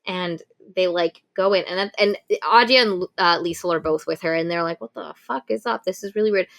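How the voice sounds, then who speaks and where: Woman podcast co-host, casual storyteller, animated, salty language. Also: lowish voice, fairly quick, vocal fry. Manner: animated retelling with profanity and acted quotes. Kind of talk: casual book review chat.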